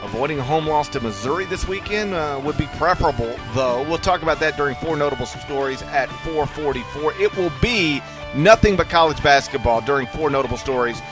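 A man hosting a sports talk radio show, animated and teasing, running through the rundown and arguing playfully. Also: on the high side, a little fast, music in the background. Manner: animated, teasing, mock-outraged.

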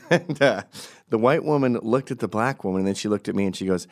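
A middle-aged man from Canada telling an animated story, jumping into high put-on voices and laughing mid-sentence. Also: brisk. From Canada, raised in Quebec. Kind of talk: storytelling monologue.

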